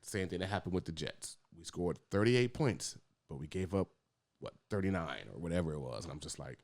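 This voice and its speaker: Low-voiced man in animated sports chat. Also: a little fast. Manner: animated, swears freely, laughs. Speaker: podcast co-host.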